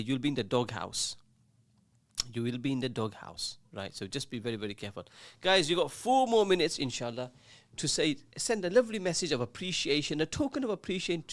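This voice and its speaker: A man's voice: medium pitch, dry recording. A man hosting a community radio call-in show, teasing listeners and reading out their messages in a casual, jokey way. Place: radio studio.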